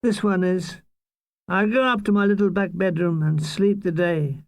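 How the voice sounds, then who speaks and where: A man narrating his own war memoir as an audiobook, with deadpan, irreverent comic delivery. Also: high-pitched, moderate pace, dry recording.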